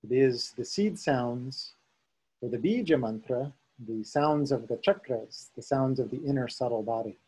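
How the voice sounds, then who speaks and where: Slow, calm male Sanskrit teacher. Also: medium pitch, slightly rough, low-quality recording. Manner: calm, unhurried, chants tones for students to repeat. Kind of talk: slow guided chanting lesson.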